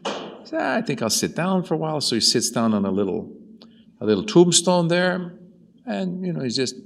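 Male preacher, lowish voice, animated storyteller, long church reverb. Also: gravelly. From Chicago. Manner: storytelling, animated, rhetorical questions. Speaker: priest. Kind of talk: sermon.

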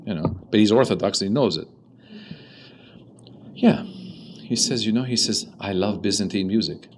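A man who is an Orthodox priest, giving a sermon with lively storytelling and quoted dialogue. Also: lowish voice, a little slow, slight background noise, poor audio.

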